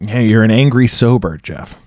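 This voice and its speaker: A man's voice: on the low side, normal speed, darkish tone, a little hiss or hum. A man co-hosting a podcast in casual chat, easygoing and rambling with lots of hedges. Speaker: podcast co-host.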